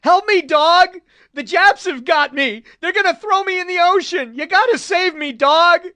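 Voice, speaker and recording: A man's voice: very high-pitched, moderate pace, bright, forceful tone, dry recording, voice pushed up. A man reading an audiobook, voicing a young Marine who has broken down and shrieks and pleads in terror. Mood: hysterical terror. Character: panicked young male Marine cracking up.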